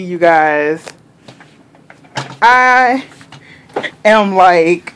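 A young woman vlogger gushing excitedly in casual chat, saying y'all a lot. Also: mid-range voice.

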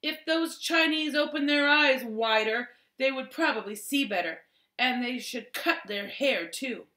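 A woman's voice: high voice, a little slow, pushed and bright, echoey room, voice pushed up. A woman voicing a rude, cocky boy of about eight in a storybook reading.

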